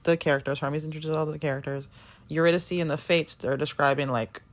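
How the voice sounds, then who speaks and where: A woman's voice: low voice, fairly quick. Rambling woman retelling a story casually. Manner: rambling, animated retelling of a plot with many fillers. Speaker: podcast co-host. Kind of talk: casual chat.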